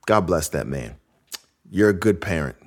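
A male podcast host with a lower-pitched voice that swings widely as he jokes through listener submissions. He laughs often and reacts in an animated, playful way while chatting casually with his guest. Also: normal speed. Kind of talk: casual comedy podcast chat.

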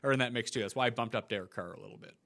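A man's voice: mid-range voice, racing, a bit bright. A young man co-hosting a podcast, joking and swearing casually while talking fantasy football. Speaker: podcast co-host.

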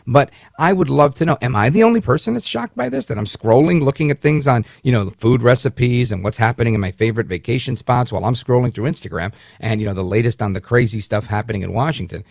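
A man's voice: mid-range voice, fast, vocal fry, few pauses, darkish tone, dry recording, clean studio sound. A man hosting a syndicated talk radio show, delivering an indignant, rambling monologue with frequent restarts. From Puerto Rican heritage, raised in the northern US.

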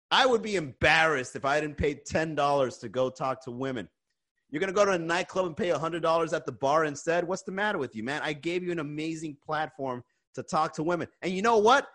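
A man's voice: fairly high pitch, fairly bright tone. A man hosting a live-streamed comedy podcast, chatting loosely with viewers, swearing and ranting between laughs. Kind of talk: casual chat reading viewer comments.

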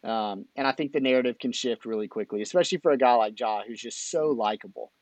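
An upbeat man co-hosting a casual sports podcast. He talks in quick bursts over a dry, close mic with no room sound, and his pitch sits in the middle of the male range. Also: darkish tone, no room sound. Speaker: podcast co-host.

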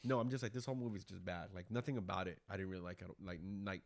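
A man co-hosting a podcast, talking about movies in a rambling, animated way with a lot of swearing. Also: low-pitched, rapid-fire. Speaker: podcast co-host. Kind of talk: casual chat.

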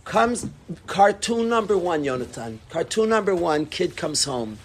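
A man teaching a religious parenting class, animated and repetitive, acting out little scenes. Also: high voice, a little slow, a little hiss or hum. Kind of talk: parenting lesson.

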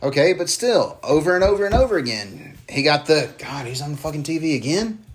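A man's voice: a little high, very animated, brisk. A man co-hosting a casual podcast, ranting about wrestling and swearing freely. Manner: heated, swears freely, mocks wrestlers in put-on voices. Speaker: podcast co-host.

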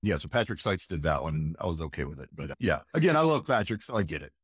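Low-pitched and very animated, his fast speech carries a breathy edge. The audio is clean studio sound without any room tone. This man, a voice actor guest in a casual interview, sounds enthusiastic and forceful and keeps tossing in "again" and "right?".

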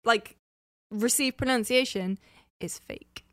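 A woman from the north of England with a northern English accent, co-hosting a casual podcast chat and telling stories in a chatty, animated way. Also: fairly high pitch, takes it slowly, dry recording, clean studio sound. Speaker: podcast co-host.

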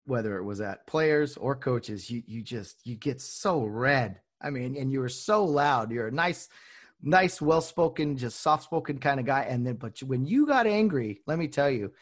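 A man's voice: medium pitch, lively intonation, moderate pace. A man interviewing his former basketball coach, reminiscing casually and laughing often. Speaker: interviewer, former player and official.

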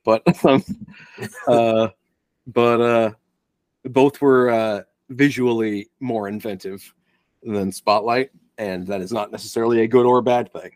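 Steady and medium-pitched, a little slow and darkish, this young man's dry-recorded voice carries a casual podcast chat about a film he's reviewing as co-host. He rambles, restarts sentences, and sometimes curses.

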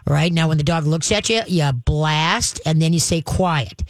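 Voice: mid-range voice, moderate pace, dry recording. A dog trainer giving advice in conversation, emphatic and hands-on, often checking in with "all right?" and acting out growls and commands.

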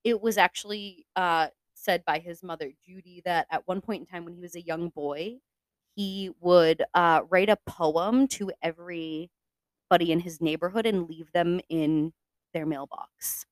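A woman's voice: on the low side, fairly even intonation, a little slow, dry recording. A young woman hosting a casual podcast, chatty and swearing freely, with lots of fillers. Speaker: podcast host. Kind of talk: casual true-crime podcast chat.

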